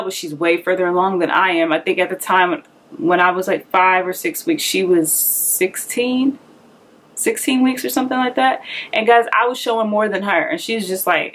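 A young woman telling a personal story in a candid, conversational way, a little out of breath, acting out the voices she quotes. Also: medium pitch. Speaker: vlogger.

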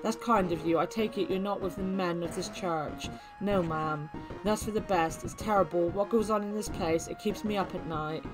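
A woman voicing a frightened, distressed young mother who speaks softly and politely. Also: on the low side, normal speed, natural voice. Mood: worried. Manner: soft, worried, polite. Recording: game music playing behind.

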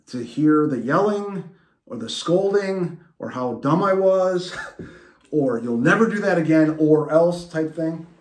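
A man hosting a podcast and telling a personal story in an animated way, with restarts and laughs. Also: mid-range voice, reverberant. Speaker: podcast host. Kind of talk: storytelling monologue.

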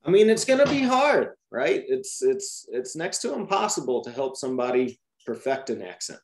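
A man's voice: medium pitch, moderate pace, roomy sound. A man explaining teaching methods to trainee teachers in a Q&A, often checking with "right?". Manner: lively, repeats "right?" to check understanding.

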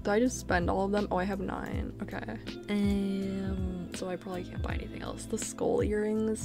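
A young woman giving casual, chatty gameplay commentary, easily startled and quick to make fun of herself. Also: medium pitch, flat delivery, creaky, music in the background. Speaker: gaming video creator.

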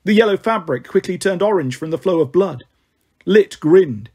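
A man's voice: high voice, expressive, moderate pace, a little mellow, husky. A man reading a story aloud in the first person, in a wry, dramatic storytelling manner. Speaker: audiobook narrator.

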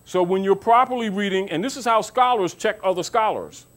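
High-voiced man lecturing, preachy. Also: brisk. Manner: preachy, rhetorical questions, mocking asides; calls listeners baby. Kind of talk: informal lecture to an audience.

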